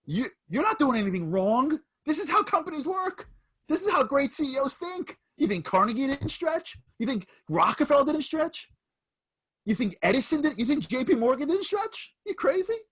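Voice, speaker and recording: A man's voice: fairly low pitch, expressive, brisk, pauses often, husky. A man voicing an older male billionaire investor who moves from reassurance to insistent lecturing. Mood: emphatic.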